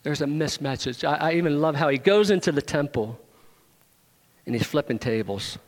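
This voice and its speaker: Animated male preacher in a reverberant hall. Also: on the high side, moderate pace. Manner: animated, rising to emphatic questions, joking with the congregation. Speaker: pastor. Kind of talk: sermon.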